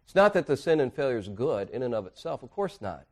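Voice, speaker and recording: Man, pastor, sermon, earnest, swings between soft and emphatic, mid-pitched voice. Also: very animated, quick pace. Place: church.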